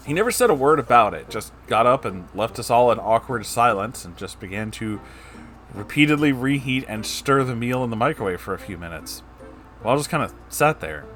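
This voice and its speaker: Dude reading a story out loud, cutting in w sarcastic swear-y comments, mid pitch. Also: male voice, lively intonation, a little fast, faint music behind. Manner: casual, sarcastic asides, swears. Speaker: story narrator.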